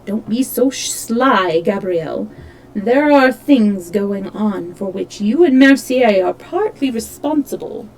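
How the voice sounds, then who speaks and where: A woman reading the lines of an angry male secretary in a hushed, urgent, accusing voice. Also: medium pitch, animated, takes it slowly, a little hiss or hum, low-quality recording.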